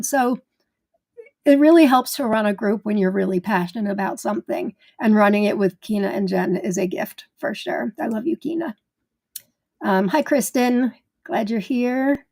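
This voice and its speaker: A middle-aged woman hosting a live gardening stream, greeting viewers one by one in a bubbly, chatty way, excited like a cheerleader. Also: fairly high pitch. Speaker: host of a live gardening show.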